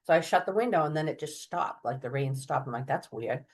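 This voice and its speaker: Low-pitched middle-aged woman, chatty guest telling a story with big voices for quotes. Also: expressive, a little fast. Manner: chatty, many fillers and restarts. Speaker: guest medium. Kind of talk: storytelling interview.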